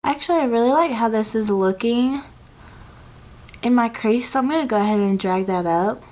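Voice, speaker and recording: Young female beauty vlogger, a bit high-pitched, excitable and rambling, casual get-ready chat. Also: normal speed. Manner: chatty, gushing, filler-heavy. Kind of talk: casual makeup tutorial chat.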